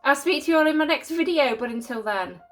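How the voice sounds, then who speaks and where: A woman with a slightly raised pitch reads listener ghost stories aloud in a casual, chatty way. She sounds sympathetic and openly emotional, and a faint bed of music plays quietly beneath her voice. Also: animated, fast talker. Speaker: YouTube story channel host. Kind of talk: casual reading of viewer-sent ghost stories.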